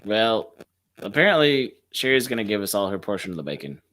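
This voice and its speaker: Lively low-voiced man joking around. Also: a little fast. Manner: rambling, self-deprecating jokes. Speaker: co-host. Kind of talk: casual chat.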